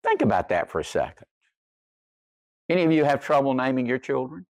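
A man's voice: mid-range voice, big pitch swings, fairly quick, dry recording. An older man preaching a sermon, telling a humorous story in a folksy way. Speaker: pastor.

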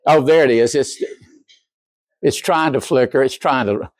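A man preaching a sermon, acting out quoted voices and dropping from loud to near whisper. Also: medium pitch, a little slow, dry recording. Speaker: pastor.

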